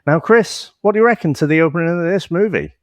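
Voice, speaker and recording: A man co-hosting a podcast, reading out a film synopsis in a steady way, then handing over to his co-host. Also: a little high, fast talker, no room sound, studio quality.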